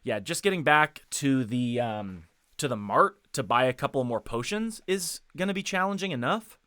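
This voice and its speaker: On a headset mic, a man streams a video game and chats casually with viewers, rambling with lots of fillers, restarts and self-corrections. His medium-pitched voice is expressive, bright, forceful and resonant, clear with no echo, at a normal speed.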